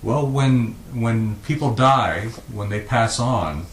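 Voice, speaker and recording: A man's voice: medium pitch, takes it slowly. Man, interviewer, hesitant with fillers, roomy echo, faint background noise. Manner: hesitant, many "uh" fillers and restarts. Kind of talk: casual questioning.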